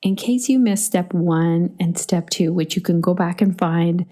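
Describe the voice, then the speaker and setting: A woman's voice: on the low side, measured pace, warm tone. A middle-aged woman hosting a solo podcast, chatty and storytelling, laughing easily. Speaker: podcast host.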